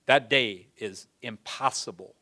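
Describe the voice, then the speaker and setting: A man preaching a sermon, folksy in his phrasing, swinging from loud pleading to hushed, near-whispered lines. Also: medium pitch, unhurried.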